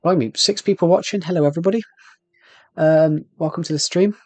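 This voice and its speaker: A British man livestreams a game, chatting casually to viewers and rambling to himself as he plays. His voice is slightly high, a little fast and a little mellow, on a dry recording with faint music behind.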